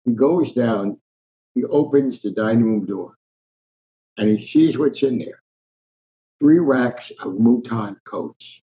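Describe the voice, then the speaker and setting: Brief: older New storyteller in his nineties, lively anecdotes, slightly muffled recording. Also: medium pitch, takes it slowly, pauses often. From Newark, New Jersey. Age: 90s. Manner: animated anecdotal storyteller, acts out voices. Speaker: guest, sports columnist. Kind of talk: storytelling in an interview.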